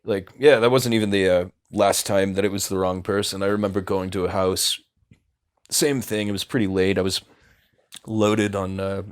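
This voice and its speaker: A low-pitched young man tells a long story as a podcast guest. He rambles along with lots of fillers and casual swearing, in a relaxed, unscripted way. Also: moderate pace, clean tone. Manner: rambling, filler-heavy, profane.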